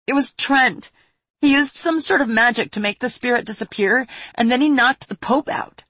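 A woman voicing a sobbing, high-pitched young woman. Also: moderate pace, fairly bright tone, no room sound. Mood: tearful. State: crying, voice cracking. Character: distressed young woman, grieving and pleading.

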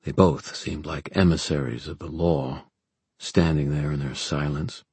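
Deep, husky male narrator. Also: measured pace, no room sound. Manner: steady storytelling. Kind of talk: audiobook narration.

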